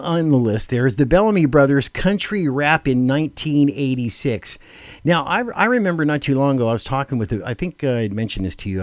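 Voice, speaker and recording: A man's voice: medium pitch, no echo. A man co-hosting a casual radio chat, reading down a list with many fillers and restarts and laughing often. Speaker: radio show co-host.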